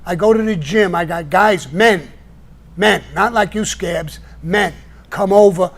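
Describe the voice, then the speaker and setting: A man's voice: high voice, a little slow. Blunt, profane older New man. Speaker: show host answering viewers. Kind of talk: live-stream rant.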